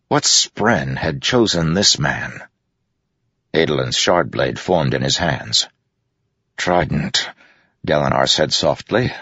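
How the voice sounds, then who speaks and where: Male audiobook narrator, extremely deep and gravelly, measured and grave. Dry, dull recording. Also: a bit bright, dry recording. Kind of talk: scripted fantasy narration.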